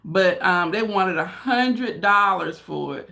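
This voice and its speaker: A woman's voice: fairly low pitch, animated, slow, creaky, pushed and bright. A woman from the United States chatting casually with viewers on a livestream from home, calling them y'all. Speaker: vlogger. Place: home room with open window.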